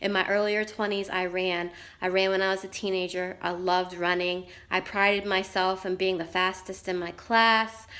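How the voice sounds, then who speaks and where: A woman's voice: mid-range voice, a bit bright. A middle-aged woman writer telling a personal story in a candid vlog, earnest and repeating herself for emphasis. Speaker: writer vlogger.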